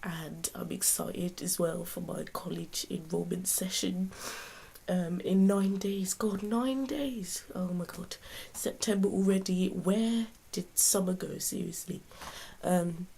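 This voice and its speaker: A young woman, chatting excitedly in a casual vlog with lots of fillers and a soft, half-whispered morning voice. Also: fairly low pitch, measured pace, gravelly, slight background noise. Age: young adult. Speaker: vlogger.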